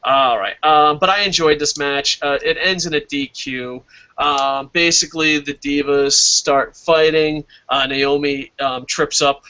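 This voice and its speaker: A man's voice: a little high, steady tone, measured pace, sharp tone, clear, resonant tone, lo-fi sound. A man hosting a casual wrestling review stream, reading viewer comments aloud, swearing freely and laughing at his own jokes. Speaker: wrestling show host.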